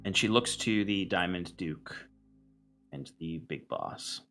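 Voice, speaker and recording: A man narrating and running a tabletop game as game master, in a relaxed, halting way. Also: deep voice, faint music behind.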